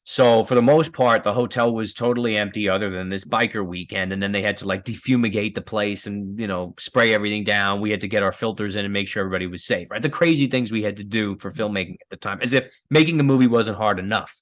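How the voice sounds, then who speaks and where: A filmmaker guest telling stories in a casual, rambling way, with many fillers and restarts and frequent laughs. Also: male voice, on the low side, quick pace, few pauses, a bit bright.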